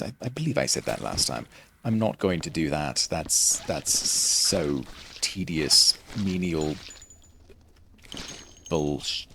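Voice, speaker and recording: A man's voice: low-pitched, slight background noise. A young man streaming a game, rambling in a self-deprecating, jokey way with a mild faux British-Australian lilt. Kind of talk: rambling gameplay commentary.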